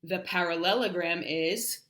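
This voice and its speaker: A woman's voice: fairly low pitch, a bit bright, roomy sound. A woman teaching English shapes on a livestream, chatty, often singing and stretching out words for children to repeat. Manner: sings and drills words slowly, chatty asides. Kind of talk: animated livestream lesson.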